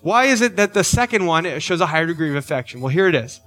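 A man's voice: on the high side, very animated, fast, fairly bright tone, soft background music. A middle-aged man preaching a sermon as pastor, earnest, often checking in with "right?" and lifting his voice on key questions.

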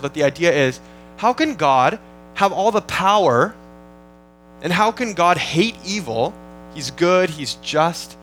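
A man's voice: fairly high pitch, a bit bright, low-quality recording. A man preaching an expository sermon in an earnest, teaching manner, often restarting phrases as he works through the text. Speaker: pastor.

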